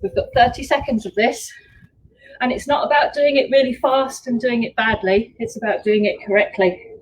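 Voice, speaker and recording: A woman's voice: a little high, normal speed, slight background noise, rough recording. Upbeat woman coaching a workout. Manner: upbeat coaching, chatty asides. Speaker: fitness instructor. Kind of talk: live workout class instruction.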